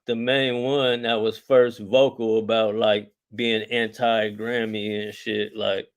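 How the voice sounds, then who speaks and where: A middle-aged man, a rapper guest in a casual interview, talking in a relaxed, rambling way with lots of slang and filler words. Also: lowish voice, takes it slowly.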